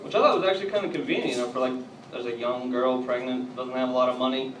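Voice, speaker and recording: A man doing a stand-up comedy routine on a club stage, telling edgy jokes and bantering with the crowd, at times getting loud. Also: mid-range voice, fairly even intonation, fast talker. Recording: echoey, distant, noisy live room.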